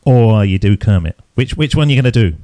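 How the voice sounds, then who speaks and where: A man's voice: fairly low pitch, animated, dark tone, dry recording. A middle-aged British man hosting a casual interview, playful and teasing. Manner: playful, teasing, quick asides. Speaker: podcast host.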